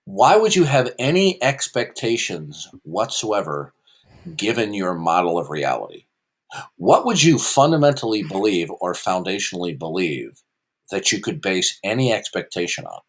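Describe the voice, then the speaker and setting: Combative man with swooping pitch. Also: sing-song, moderate pace. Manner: combative, condescending quizzing. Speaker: host. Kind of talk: heated call-in debate.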